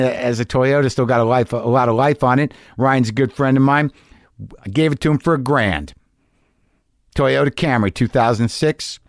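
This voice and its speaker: A man's voice: mid-range voice, dry recording, studio quality. A middle-aged man from New Jersey hosting a podcast, telling a rambling, profane, self-mocking comic story in an anxious rush. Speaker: podcast host.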